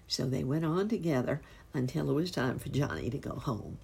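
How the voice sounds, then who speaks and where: A woman reading a children's storybook aloud, with expressive, unhurried storytelling. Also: a bass voice, creaky, husky. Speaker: narrator.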